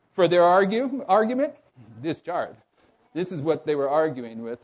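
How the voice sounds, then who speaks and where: A man's voice: fairly high pitch, a little mellow. A man preaching a sermon to a congregation, asking them questions and often breaking off to restart a phrase. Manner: asks the audience rhetorical questions; stumbles and restarts mid-phrase.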